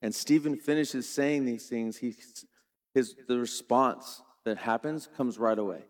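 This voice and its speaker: A middle-aged man preaching a sermon, retelling a scripture story dramatically and shifting between quiet and loud. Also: medium pitch, unhurried. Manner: dramatic storytelling preacher, varies volume widely. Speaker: pastor.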